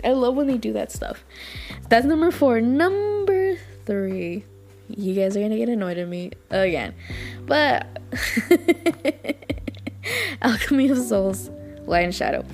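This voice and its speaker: A woman's voice: medium pitch, gravelly, a little mellow. A young woman hosting a podcast, chatting casually and gushing in a rambling way, full of fillers and repeats. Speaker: podcast host. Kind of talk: casual chat reviewing dramas.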